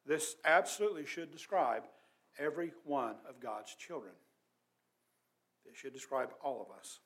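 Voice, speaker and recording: A man preaching a sermon as pastor, earnest and emphatic, his voice swelling loud and dropping quiet. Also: fairly high pitch.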